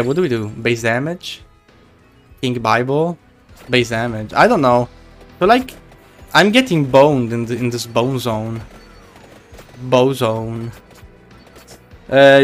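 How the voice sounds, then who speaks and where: Playful slow-talking male streamer. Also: medium pitch, fairly bright tone. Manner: playful, teasing, chatty with viewers. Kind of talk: casual live game stream chat.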